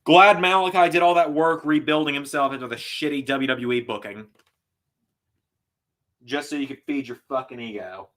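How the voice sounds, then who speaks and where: A man with a bright, forceful tone hosts a live reaction stream. He talks casually to his viewers, swears freely and breaks into loud, exasperated outbursts. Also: a little high, normal speed. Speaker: host reacting live to wrestling.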